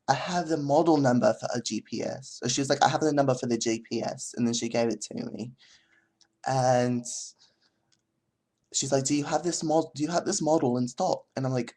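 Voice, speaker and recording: A man's voice: medium pitch, vocal fry, a little mellow. A young man vlogging who tells a store story in an exaggerated, put-on British accent, rambling and quoting customers. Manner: rambling, chatty storytelling with quoted dialogue. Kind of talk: comic vlog storytelling.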